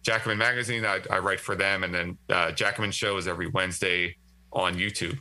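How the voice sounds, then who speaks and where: A man's voice: sits low, fairly even intonation, brisk, bright, forceful tone, low-quality recording. A man speaking as a guest writer in a casual political discussion, talkative and thinking aloud with frequent restarts.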